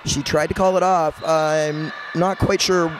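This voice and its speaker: A man's voice: on the high side, steady tone, a little slow, a little hiss or hum. A man giving easygoing play-by-play commentary on a roller derby bout, with dry quips. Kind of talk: live sports commentary.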